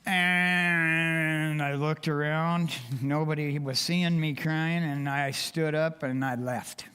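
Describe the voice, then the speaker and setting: A man's voice: fairly high pitch, steady tone, takes it slowly, pushed and bright, smooth. An older man giving a heartfelt, emotional personal testimony to a church congregation. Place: church sanctuary. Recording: long reverb of a church hall.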